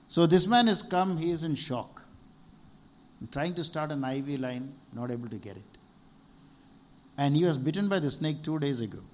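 A man's voice: medium pitch, a little mellow. A middle-aged man from India preaching a sermon and sharing a personal testimony, earnest and repeating key phrases for emphasis. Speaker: preacher, doctor.

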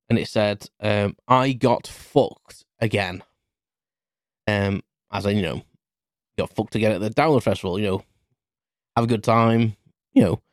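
A man's voice: lowish voice, no room sound, studio quality. A British man in his thirties, a podcast host rambling through a casual story with many restarts. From United Kingdom.

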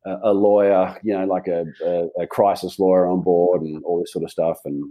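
A man's voice: sits low, flat delivery, normal speed, dark tone. An Australian man, a guest in a casual conversation, telling a rambling story full of restarts. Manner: rambling, chatty, with frequent restarts.

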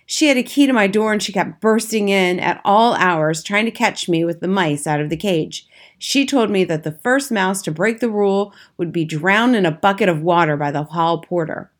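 A woman reading a storybook aloud as the narrator. Her voice sits at an ordinary middle pitch, and the reading is lively and expressive. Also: moderate pace. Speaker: audiobook narrator.

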